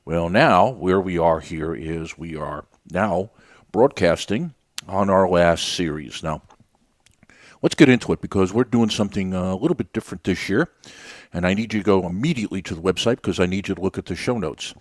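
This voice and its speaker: A man's voice: low-pitched, moderate pace, dry recording, clean studio sound. A man hosting a radio show, talking off the cuff in a rambling, conversational way with many fillers and restarts. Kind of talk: unscripted radio monologue.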